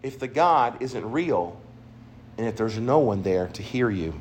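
A man's voice: lowish voice, lively intonation, measured pace, slight background noise. A male pastor preaching a sermon emphatically, repeating key phrases. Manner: emphatic, repetitive preaching with restarts.

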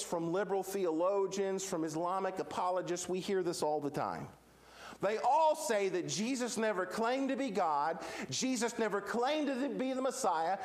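A man with a high voice preaching a sermon. He presses each point hard and stacks short, repeated questions and statements. He speaks as a pastor addressing his congregation. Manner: emphatic, repetitive rhetorical questions.

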